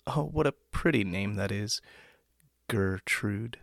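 A man's voice: medium pitch, animated, normal speed, no room sound, clean studio sound, close to an everyday voice. A man voicing an eager male door-to-door salesman of gods, with chirpy, ingratiating patter in a storybook reading.

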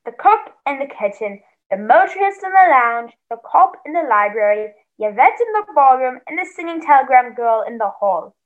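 A woman playing a brisk theatrical butler. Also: sits high, muffled recording. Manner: fast, theatrical recap of events. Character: butler narrating the murder case, brisk and theatrical. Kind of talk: stage play acting.

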